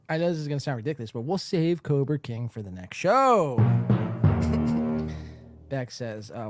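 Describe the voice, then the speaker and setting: A man's voice: medium pitch, sing-song, measured pace, pauses often, no echo, soft background music. A man hosting a live podcast, rambling casually and laughing as he reads the chat aloud, worn out after a long stream. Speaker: podcast host. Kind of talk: casual livestream commentary.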